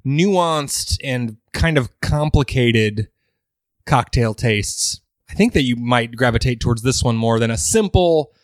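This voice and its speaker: A man co-hosting a podcast in casual chat, wry and quick with quips. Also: mid-range voice, animated, no echo, clean studio sound. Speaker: podcast co-host. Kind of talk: casual chat about cocktails.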